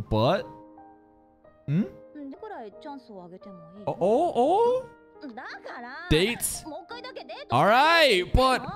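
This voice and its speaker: Wildly animated man reacting over music. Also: on the high side. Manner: excitable, loud outbursts and laughter, casual swearing. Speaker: anime reaction channel host. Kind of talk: casual anime reaction commentary. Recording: music playing in the background. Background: music under the voice.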